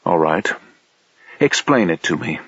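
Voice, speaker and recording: A man's voice: deep voice, animated, a little slow, fairly bright tone, slightly rough, dry recording, full character voice. A male narrator voicing a grim, angry warrior with curt, threatening lines. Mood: grimly threatening. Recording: dull lo-fi dry audiobook recording.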